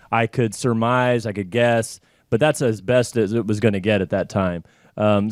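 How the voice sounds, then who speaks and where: A male business owner being interviewed, speaking in an even, mid-pitched voice that is smooth and resonant. He answers in a measured, thoughtful way. The sound is dry, with no room echo.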